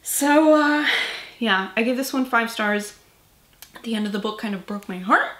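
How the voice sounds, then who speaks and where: A woman's voice: fairly high pitch, normal speed, a bit bright, echoey room. A woman vlogging about books in a casual chat, tired and rambling, swearing casually and filling her talk with "like" and "um". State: tired, yawning. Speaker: book vlogger.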